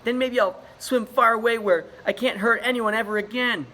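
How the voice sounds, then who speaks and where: A man's voice: sits high, big pitch swings, normal speed, a bit bright, husky, pitched above the performer's own voice, full character voice. A man voicing a sulky, self-pitying young male narwhal in a picture book story, in a whiny, strained voice. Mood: upset.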